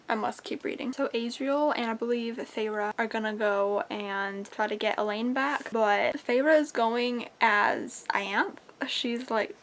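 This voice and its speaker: A young woman chatting in a casual reading vlog at home, excitable and chatty, swearing casually. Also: a little high. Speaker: book vlogger. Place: at home, indoors.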